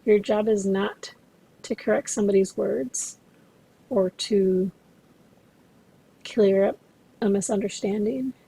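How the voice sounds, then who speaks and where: A woman instructor giving a recorded lecture to interpreting students, explaining in a measured way and speaking to them directly. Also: medium pitch, fairly even intonation, vocal fry, warm tone, husky, poor audio.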